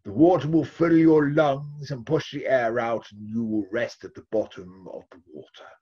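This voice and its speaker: A man voicing an old bearded wise man who speaks in slow, grave pronouncements in a folk tale. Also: medium pitch, fairly even intonation, slightly rough, dull audio, natural voice. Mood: solemn.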